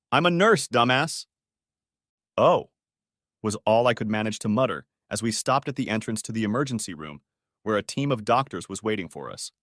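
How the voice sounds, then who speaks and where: A man reading a first-person audiobook story in a steady storytelling manner. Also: fairly low pitch, no echo, studio quality. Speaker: narrator. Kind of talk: scripted audiobook narration.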